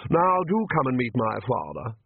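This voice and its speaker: A man's voice: mid-range voice, wildly swooping pitch, dry recording, heavily acted. A man voicing a polite, coolly menacing young male vampire, on a tinny phone-like recording. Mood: suave. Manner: slow, smooth and polite. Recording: tinny phone-like dry audio.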